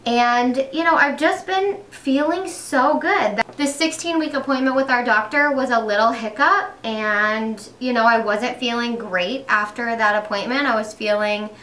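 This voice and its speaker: A woman's voice: a little high, a little slow, hardly any pauses, fairly bright tone, roomy sound, far from the mic. A young pregnant woman chatting casually while doing her makeup, upbeat, with lots of fillers and restarts. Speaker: beauty vlogger.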